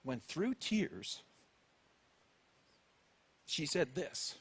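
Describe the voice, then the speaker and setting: A man's voice: a little high, very animated, very slow, vocal fry, a bit bright, breathy edge. A man with a Canadian accent preaching a sermon, telling a personal story and acting out his own thoughts and the people he quotes. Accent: Canadian English. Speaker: pastor.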